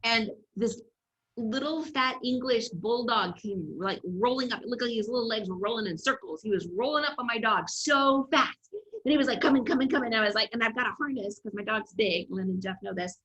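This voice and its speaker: Woman coach with a bright, ringing voice, animated storyteller on a video call. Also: on the high side, moderate pace, highs cut off. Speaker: development coach. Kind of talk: online class presentation.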